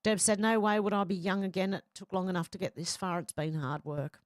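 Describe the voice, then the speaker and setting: A woman's voice: fairly low pitch, fairly even intonation, brisk, dry recording, clean studio sound. A middle-aged woman, hosting a casual livestream and reading viewer comments aloud in a chatty way. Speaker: livestream host reading chat. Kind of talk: casual chat.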